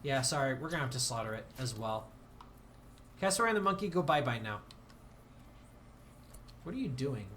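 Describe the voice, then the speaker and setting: A man's voice: medium pitch, lively intonation, brisk, pauses often, a bit bright, slight background noise. A man streaming a game, chatting casually and rambling, self-deprecating, with bursts of mock outrage. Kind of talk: casual game livestream commentary.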